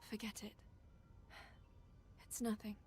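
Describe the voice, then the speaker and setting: A woman voicing a hesitant, troubled young game character who speaks softly and trails off. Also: medium pitch, completely flat delivery, slow pace, a little hiss or hum, lightly acted. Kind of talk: game voice acting.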